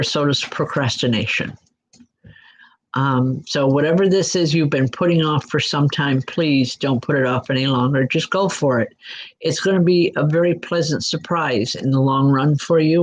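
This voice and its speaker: A woman working as a psychic medium, giving spirit readings in a gentle, reassuring way and speaking straight to listeners by name. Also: low voice. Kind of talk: live spirit readings and announcements. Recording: dull lo-fi recording.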